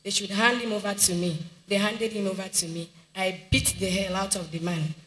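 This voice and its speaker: A woman's voice: mid-range voice, fairly even intonation, normal speed, a bit bright, echoey room, slight background noise, rough recording. A woman with a Nigerian accent giving an earnest church testimony, telling events plainly. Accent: Nigerian English.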